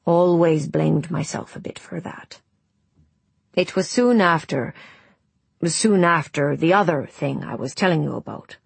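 A woman voicing a gruff elderly village man who talks bluntly and slowly around his pipe. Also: deep voice, no echo, full character voice. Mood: bitter. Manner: blunt, clipped, grumbling.

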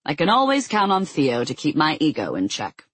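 A hearty, booming businessman with a smooth, genial manner, as an audiobook narrator puts him on. The voice is slightly husky and close, with no room echo. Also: wildly swooping pitch, moderate pace, fairly bright tone, full character voice.

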